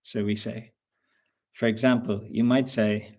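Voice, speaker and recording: A man with an Irish accent teaching English in a webinar, explaining words slowly and patiently with examples. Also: on the low side, level tone, darkish tone. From Ireland. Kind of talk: webinar lesson.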